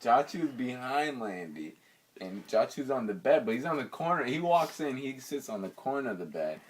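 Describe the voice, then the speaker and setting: Recorded from a distant mic, a young man with a medium-pitched voice shares an anecdote with friends at a normal pace. His delivery is lively and full of slang, and he keeps breaking into laughter as he goes.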